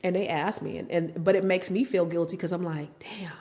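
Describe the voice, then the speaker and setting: A woman's voice: on the low side, fairly quick. A middle-aged woman telling her own story as a guest, acting out what her family members said. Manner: animated, acts out family members' lines in voices. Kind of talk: candid personal storytelling.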